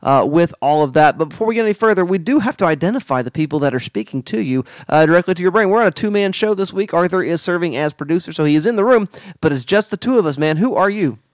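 A man from Oklahoma co-hosting a casual film analysis podcast, animated and jokey with playful asides. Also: on the high side, fast talker, no echo, studio quality. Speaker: podcast co-host.

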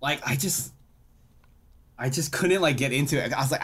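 Animated young man ranting, swearing freely. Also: mid-range voice, normal speed, husky. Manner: animated, profane ranting with loud exasperated outbursts. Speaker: podcast co-host. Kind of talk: casual chat.

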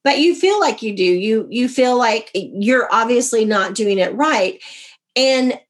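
A woman's voice: fairly high pitch, measured pace. A woman, a guest and author from America, telling a personal story in an interview and acting out the dialogue. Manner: animated, acts out quoted dialogue.

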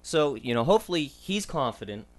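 A young man who is the medical contributor on a casual sports podcast. He explains injuries in a measured way, with frequent ums and uhs. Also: medium pitch, big pitch swings.

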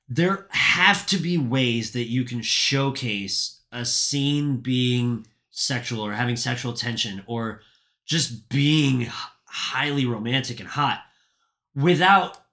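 A man's voice: mid-range voice, sharp tone. A man talking bluntly in a casual podcast chat, swearing freely and pressing his point.

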